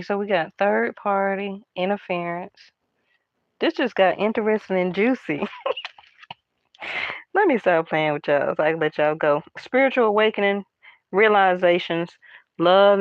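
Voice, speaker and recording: A woman doing a casual tarot card reading, talking in a hushed, half-whispered, chatty way to her viewers. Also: fairly low pitch, unhurried, pauses often, dry recording, muffled recording. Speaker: tarot reader.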